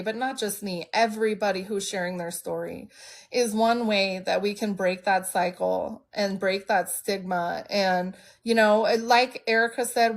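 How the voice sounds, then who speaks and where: Blunt, emotional woman streamer. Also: medium pitch. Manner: open and emotional, speaks bluntly. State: congested from allergies. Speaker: livestream host. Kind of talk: candid personal storytelling.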